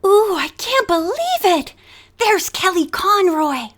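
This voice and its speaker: Bubbly gushing teen girl done by a lady reading aloud, high and breathless. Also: unhurried, a bit bright. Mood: excited. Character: excitable teen girl, boy-crazy fashion fan.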